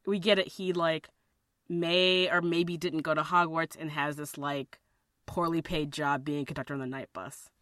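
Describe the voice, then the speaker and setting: A woman co-hosts a podcast in a low voice, recorded dry with no room sound around her. She talks hesitantly, restarting sentences and padding them with fillers, and breaks into small laughs. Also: fairly even intonation, normal speed, a bit bright, dry recording. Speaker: podcast co-host. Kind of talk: casual chat.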